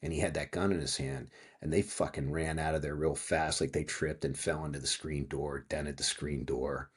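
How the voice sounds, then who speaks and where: A man's voice: a bass voice, moderate pace, husky. A man in his fifties from Pennsylvania, a guest author telling a story in a casual interview, acting out what people said and swearing freely. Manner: animated storyteller, acting out quotes, frequent profanity.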